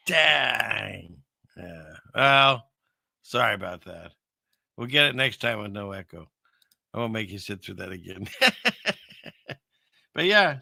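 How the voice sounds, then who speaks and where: Man, host, gravelly, bright forceful tone, wry rambling commentary. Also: fairly low pitch, dry recording, studio quality. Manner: rambling, wry, talks to chat. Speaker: show host. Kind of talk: casual commentary on video clips.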